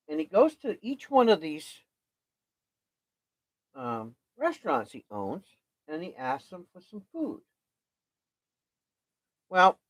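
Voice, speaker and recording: A man's voice: fairly high pitch, no room sound. A man casually retelling a story he watched, rambling and checking in with "right?" as he goes. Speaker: show host.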